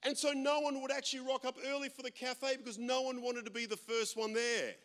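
Loud pastor, high voice. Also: male voice, brisk, in a large hall. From Australia. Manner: loud, animated, self-deprecating humor. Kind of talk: sermon with storytelling.

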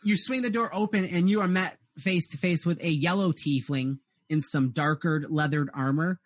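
A man's voice: on the high side, moderate pace. A man narrating as game master in a rambling way, full of "uh"s and restarts.

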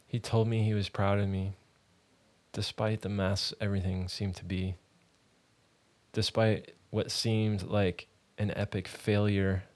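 A man hosting a ministry podcast, telling a personal faith testimony in an earnest, halting, conversational way. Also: fairly low pitch, level tone, a little mellow.

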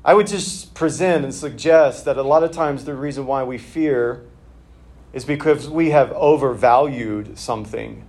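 A man's voice: medium pitch, unhurried, a little mellow. A male pastor giving a conversational sermon in a church, talking plainly with casual fillers.

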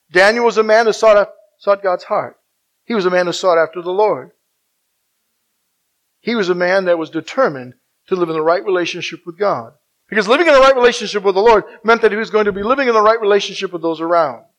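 A man with a high-pitched voice preaches a sermon from the pulpit. He is emphatic, rising on his key points and slowing right down to stress each verse. Now and then he stops and asks his listeners to fill in the next word. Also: a bit bright. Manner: asks the congregation to finish verses. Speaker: pastor.

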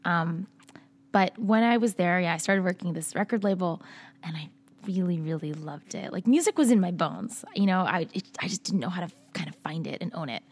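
A woman's voice: lowish voice, animated, a little fast, breathy edge. A woman from Massachusetts, a musician guest, talking casually and telling her story in a podcast interview. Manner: chatty, laughs often, storytelling.

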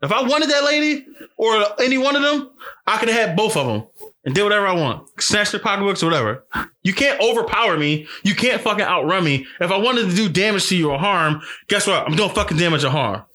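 A man's voice: sits high, fast. A man telling a story in casual chat, angry and profane, his voice jumping up when he acts out what he said. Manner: animated, voice jumps up for quoted outbursts.

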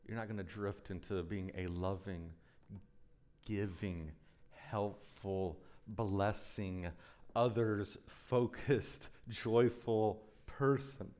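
A man's voice: lowish voice, steady tone, slow, darkish tone. Intense, urgent male preacher. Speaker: pastor. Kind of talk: sermon.

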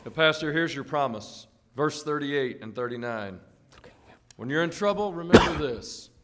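A man's voice: on the high side, normal speed, background noise. A man reading scripture passages aloud in a church service. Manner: steady reading, with affirming interjections. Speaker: scripture reader.

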